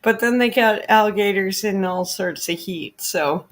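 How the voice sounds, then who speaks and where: A woman's voice: mid-range voice, moderate pace. A woman from Northern Canada hosting, chatting casually about clips in a giggly way and filling with "like". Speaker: host.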